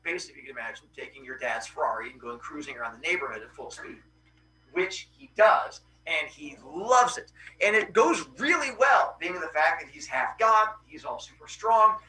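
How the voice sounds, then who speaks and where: Animated man telling a myth casually. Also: on the high side, normal speed, roomy sound, distant mic, a little hiss or hum, low-quality recording. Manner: animated, jokey, with playful asides. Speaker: podcast host.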